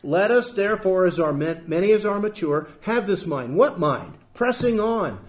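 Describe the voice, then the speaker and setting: A man's voice: high voice, lively intonation, normal speed. A male pastor preaching a sermon, quoting scripture with emphasis and asking the congregation rhetorical questions.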